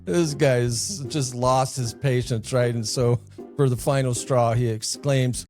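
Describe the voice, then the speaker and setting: A man co-hosting a podcast, telling jokes in a casual, animated way and laughing at his own punchlines. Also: mid-range voice, slow pace, soft background music. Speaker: podcast co-host.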